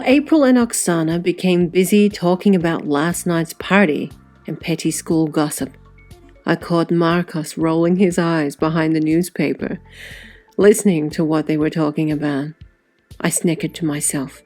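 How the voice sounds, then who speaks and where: A woman with a low voice narrates an audiobook, her first-person telling laced with catty sarcasm. Soft music plays faintly underneath.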